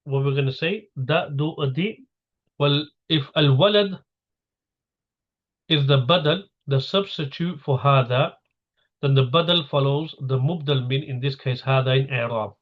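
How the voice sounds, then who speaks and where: A man's voice: medium pitch, unhurried, muffled recording. A man teaching a grammar lesson, patiently breaking each sentence down step by step and repeating key terms.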